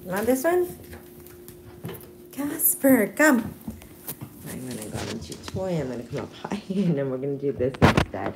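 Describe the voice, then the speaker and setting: A woman's voice: extremely low pitch, sing-song, fast talker, few pauses, background noise. Hyper woman hosting a morning livestream. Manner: hyper, playful put-on accent. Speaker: livestream host. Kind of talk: casual livestream chat. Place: home.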